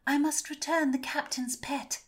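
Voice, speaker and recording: A woman voicing an odd, quiet young woman who speaks in a light, wondering way. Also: high voice, fairly even intonation, unhurried, pitched above the performer's own voice.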